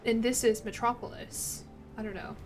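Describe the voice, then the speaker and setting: A woman streams a strategy game, her slightly high voice chatting along in a loose, rambling way as she thanks chat and pokes fun at herself. Faint music plays quietly under her talk. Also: steady tone, moderate pace. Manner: chatty, rambling, self-deprecating, reads out chat. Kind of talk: casual gameplay stream chat.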